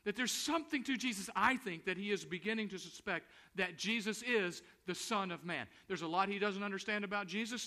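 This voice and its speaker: Bright, high-voiced preacher man. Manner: preaching with emphatic repetition and dramatic slowdowns. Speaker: pastor. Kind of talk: sermon.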